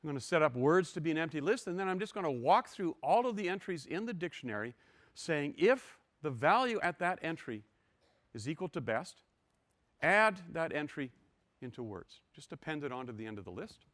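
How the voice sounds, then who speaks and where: A man's voice: on the high side, big pitch swings, brisk, a bit bright, dry recording. An older man giving a university lecture, walking step by step through code with wry, self-deprecating asides.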